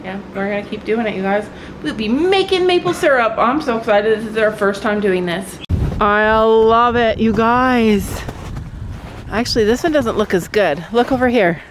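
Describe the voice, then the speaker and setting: A woman vlogging outdoors on a snowy farm, chatting excitedly to her viewers and often repeating herself. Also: medium pitch, normal speed, background noise. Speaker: vlogger on a family homestead. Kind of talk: casual vlog talk to camera.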